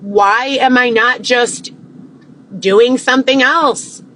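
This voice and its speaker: A woman with a slightly high voice rants into her phone, agitated and defensive. She swears freely and fires one rhetorical question after another at her viewers. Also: slow pace, a bit bright, rough recording. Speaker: livestream host. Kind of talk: unscripted rant to viewers.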